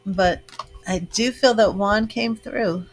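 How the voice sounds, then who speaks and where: A woman's voice: mid-range voice, slow pace, faint music behind. A woman giving a live-stream psychic reading, reassuring and chatty as she answers viewers' comments. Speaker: psychic reader.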